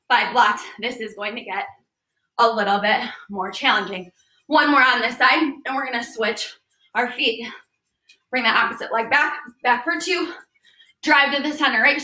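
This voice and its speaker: A woman's voice: high voice, bright, forceful tone. A young woman leading a bodyweight workout class, coaching moves and counting down reps in an upbeat, encouraging way. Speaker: fitness trainer. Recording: echoey room, voice a bit distant.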